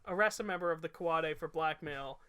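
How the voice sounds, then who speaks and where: A man's voice: a little high, a little fast, sharp tone, clean tone. A young man co-hosting a podcast, easygoing and laughing often, summing up his notes with many fillers and restarts. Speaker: podcast co-host. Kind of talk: casual chat.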